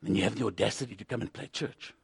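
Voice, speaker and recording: A middle-aged man preaching a sermon, impassioned, swinging from loud urgency to hushed intensity. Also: lowish voice, fast talker, vocal fry, slightly rough.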